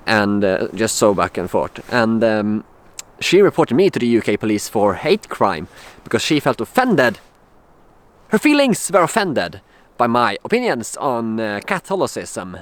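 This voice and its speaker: A young man from Sweden, telling a personal story in a casual vlog, halting with many fillers and restarts. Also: on the low side, big pitch swings. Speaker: vlogger.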